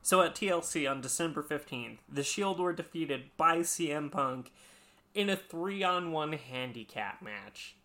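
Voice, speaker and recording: Male podcast co-host, bright and forceful tone, casual storyteller who swears freely. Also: a little high, lively intonation, a little slow. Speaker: podcast co-host explaining wrestling history. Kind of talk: casual chat.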